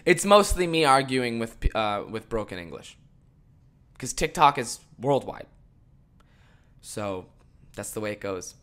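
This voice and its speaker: A young man hosting a podcast, ranting casually and swearing a lot, swinging from mumbled asides to loud exasperated outbursts. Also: mid-range voice, expressive, takes it slowly, long pauses. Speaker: podcast host.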